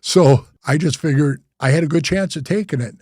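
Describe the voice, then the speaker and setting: An older man spins stories in a casual interview. His voice is mellow and pitched a little high, and he is loose and profane. He acts out other people's words as he retells them, recorded dry and close. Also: brisk, no echo. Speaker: interview guest.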